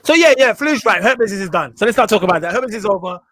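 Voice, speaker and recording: A man's voice: high-pitched, expressive, rapid-fire, a bit bright. A man co-hosting a wrestling podcast who chats casually and often repeats words as he starts. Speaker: podcast co-host.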